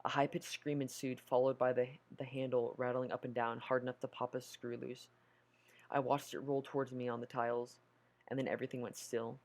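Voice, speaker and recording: A man's voice: mid-range voice, level tone, a little fast, darkish tone. A man reading a horror story aloud, nervous, stumbling over words and correcting himself. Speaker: story narrator.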